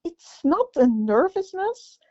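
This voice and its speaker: A woman's voice: very high voice, sing-song, slow pace, a little mellow, lo-fi sound. A Dutch-accented woman in her sixties, co-hosting a podcast in a joking, teasing way and often laughing. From Netherlands. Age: 60s. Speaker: podcast co-host. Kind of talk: casual chat.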